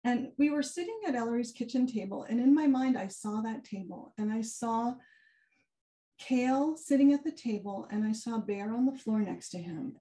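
A woman giving a keynote talk, telling a personal story in an animated way and acting out the quoted dialogue. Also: fairly high pitch. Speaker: keynote speaker. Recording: far from the mic, some echo.

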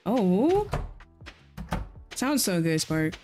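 A relaxed streamer talking to chat while gaming, easygoing and talkative, looping back on slang phrases. The voice sits at an unremarkable middle pitch. Faint music plays quietly in the background. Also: moderate pace. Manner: laid-back, chatty, repeats slang phrases.

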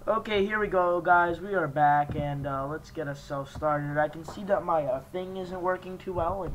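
A young man hosting his gaming channel, chatting casually and jokingly, reacting out loud as he plays an online battle at his computer. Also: fairly high pitch, a little hiss or hum, low-quality recording. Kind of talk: casual game commentary.

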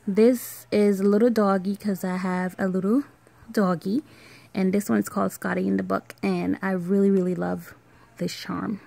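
A woman in her thirties with a Caribbean island accent chats casually in a home vlog. Her voice has a gravelly, creaky edge, and her talk wanders, filled with ums and small laughs. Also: mid-range voice, normal speed. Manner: relaxed, rambling, with fillers and soft laughs. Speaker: vlogger. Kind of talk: casual show-and-tell vlog.

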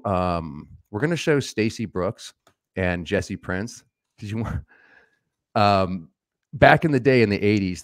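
A man with a very low voice hosts a casual explanatory show. He talks in a chatty, teasing way with fillers. His voice sounds dry and close to the mic. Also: no echo. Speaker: podcast host.

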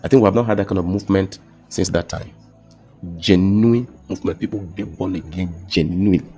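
A young man with a Nigerian accent shares his personal testimony in a relaxed conversational setting. His voice sits very low and deep. He speaks haltingly, repeats his words, and his voice often drops to a soft, emotional hush. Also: breathy edge, faint music behind. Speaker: guest telling his testimony.

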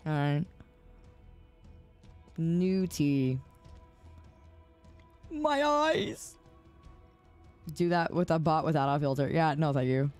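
Speaking slowly with long pauses, a woman with a low, expressive, slightly mellow voice talks over soft background music. Tired from staying up, she chats casually with her stream viewers as she games, exasperated and laughing into a close desk mic.

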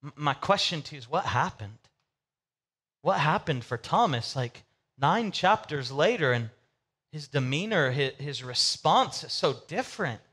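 A male pastor preaching a sermon in a casual, animated storytelling way with comic asides. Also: on the high side, a little slow, husky.

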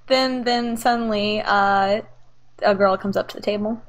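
A woman's voice: medium pitch, steady tone, a little slow. A woman narrating as game master of a tabletop game, laughing often and using many fillers.

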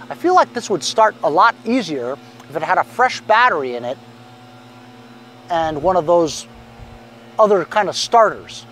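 A man's voice: high-pitched, a little hiss or hum. A middle-aged man reselling lawn mowers, chatting casually and rambling with lots of fillers. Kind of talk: casual chat.

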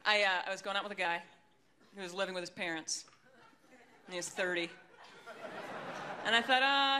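A woman's voice: mid-range voice, sharp tone, slight background noise. A woman comedian doing a stand-up set, self-deprecating and rambling, with dry asides. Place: comedy stage before a live audience.

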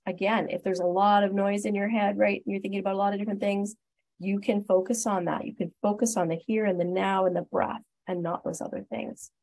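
A woman's voice: medium pitch, darkish tone, rough recording. A Canadian woman presenting a webinar as a respiratory therapist, upbeat and encouraging, walking through steps one at a time. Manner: upbeat, encouraging, explains step by step. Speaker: guest speaker, respiratory therapist.

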